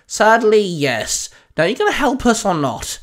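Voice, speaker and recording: A man's voice: high-pitched, very animated, unhurried, voice pushed up, heavily acted. A man voicing a brash, impatient young male antihero who barks short demands. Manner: barking, curt.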